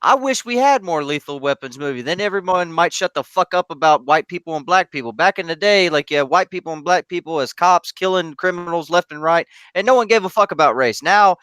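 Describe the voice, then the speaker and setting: Loud animated profane American man. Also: on the high side, brisk, few pauses, smooth, dry recording. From United States. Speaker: stream guest. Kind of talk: casual chat.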